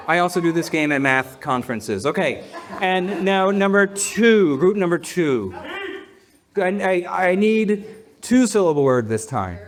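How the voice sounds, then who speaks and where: Pastor, male, high voice, leads a clapping game with the congregation, playful and laughing. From United States. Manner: playful, laughing, counting in the crowd. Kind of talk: leading a congregation in a rhythm game. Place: church hall with a congregation.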